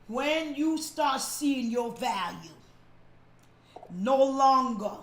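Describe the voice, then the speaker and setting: A woman pastor preaching a sermon, repeating lines for emphasis and shouting the key points. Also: sits high, expressive, drawn-out words, pauses often, roomy sound.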